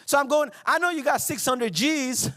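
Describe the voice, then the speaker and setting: A man's voice: very high-pitched, normal speed, sharp tone. A man preaching a sermon as pastor, playful and joking with the congregation in a church auditorium.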